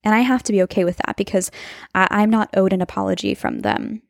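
A woman hosts her own faith podcast from her apartment, speaking casually and earnestly. Her voice carries a gravelly edge of fry at a middle pitch. The sound is close and dry, with little room around it. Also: big pitch swings, fast, no room sound. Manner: earnest and confessional, laughs at herself. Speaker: podcast host and nurse. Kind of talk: casual faith-based monologue. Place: apartment at home.

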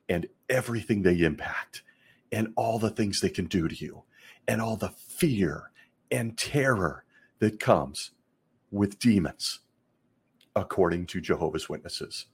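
A middle-aged man with a husky, breathy voice that sits a little low. He hosts a podcast in a sarcastic, mocking tone and breaks into laughter often. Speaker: podcast host.

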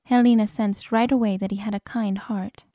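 A woman's voice: mid-range voice, fairly even intonation, warm tone, no room sound, clean studio sound. Woman narrating a dramatic audiobook. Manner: measured, dramatic. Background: cinematic score.

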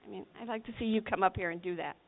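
A woman's voice: medium pitch, very fast, gravelly. A woman preaching a sermon to teenagers, telling the story dramatically and acting out the voices. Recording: tinny phone-like recording.

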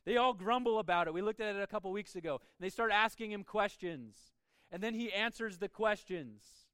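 A man preaching a sermon as pastor, emphatic, with his voice swinging between soft and loud. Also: sits high, fairly quick, clean tone, no echo.

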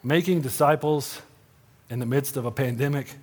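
In a large church sanctuary, a middle-aged pastor preaches in a medium-pitched, husky voice at normal speed. Earnest and conversational, he frequently asks "right?" and softens to a hushed voice when quoting promises.

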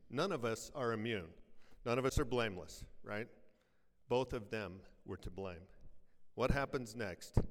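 A pastor preaching a sermon to his congregation, firing off rhetorical questions and quick jokes, then dropping to a hush for weighty lines. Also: fairly low pitch. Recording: long reverb, from a large church hall.

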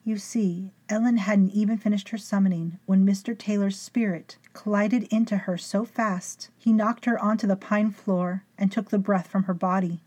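Mellow woman narrating a spooky tale. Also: medium pitch, fairly even intonation, moderate pace, hardly any pauses. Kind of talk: storytelling narration. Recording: faint music behind.

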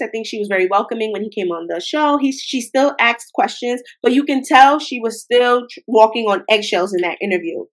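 A young woman hosting a podcast, talking in a chatty, emotional way with playful slang. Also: on the high side. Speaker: podcast host. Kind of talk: casual commentary.

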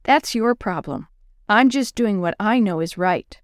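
A woman's voice: mid-range voice, lively intonation, a little slow, no room sound, clean studio sound, lightly acted. A woman doing an earnest young schoolboy. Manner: earnest, plain storybook dialogue. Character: polite schoolboy, earnest and honest.

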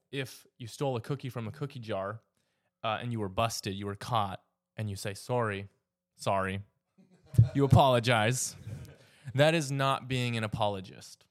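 Man, Canadian accent, teaching a group, casual, filler-heavy, mid-pitched voice. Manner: halting, with frequent fillers and repeated words. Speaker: teacher leading a church discussion. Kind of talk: informal teaching talk.

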